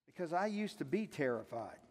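An older man preaching a sermon as pastor, conversational and earnest, swinging from hushed to loud. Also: fairly high pitch, sing-song, fairly quick. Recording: echoey hall reverb.

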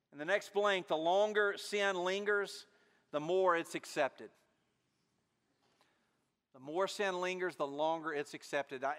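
A man preaching a sermon as pastor, telling stories with animated, humorous delivery. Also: high-pitched, long reverb tail.

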